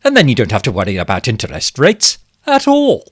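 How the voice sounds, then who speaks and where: An actor playing a pompous, smug and bumbling male government minister in a comic monologue, with a posh, self-satisfied delivery and sudden leaps in pitch. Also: wildly swooping pitch, brisk, breathy edge, dry recording, clean studio sound, exaggerated voice. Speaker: satirical character monologue. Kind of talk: comic monologue as a fake live stream.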